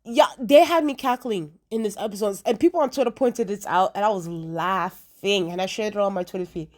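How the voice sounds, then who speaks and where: A woman's voice: medium pitch, a little fast, a little mellow. A young woman talking through a TV episode in a casual review vlog, chatty and emphatic, repeating herself for effect. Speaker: TV show reviewer.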